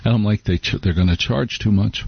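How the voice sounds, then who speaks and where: A man's voice: lowish voice, fairly quick, creaky, slightly rough, no room sound, lo-fi sound. A middle-aged man hosting a talk radio show, chatting in a wry, rambling, conversational way. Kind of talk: casual talk radio monologue. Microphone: studio microphone.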